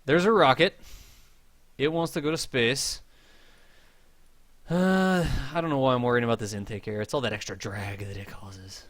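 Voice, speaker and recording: A man's voice: medium pitch, normal speed, long pauses, no room sound. A young man with a general American accent, casually commenting on a space game he plays live and chatting with viewers between tasks. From American Southwest. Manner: relaxed, rambling, chats with viewers between tasks. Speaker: game streamer teaching spaceflight. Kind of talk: casual live-stream commentary while playing. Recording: loud music behind the voice.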